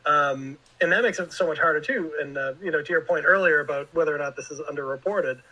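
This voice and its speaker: A man with a bright, forceful voice pitched a little high speaks as a guest writer in a relaxed interview. He rambles through his thoughts and leans heavily on filler words. The talk is loose and conversational. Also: quick pace, poor audio.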